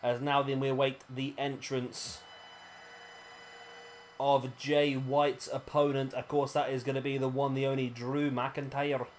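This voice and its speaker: A man's voice: medium pitch, flat delivery, unhurried, long pauses, a little hiss or hum. Chatty British man commenting on a game. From Britain. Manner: chatty and rambling, with self-corrections. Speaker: gaming commentator. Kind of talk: casual play-by-play commentary.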